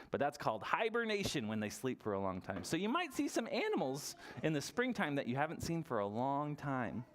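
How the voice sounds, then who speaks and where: A man leading a library toddler story time, talking in a playful, sing-song way and coaxing small children with questions. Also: medium pitch.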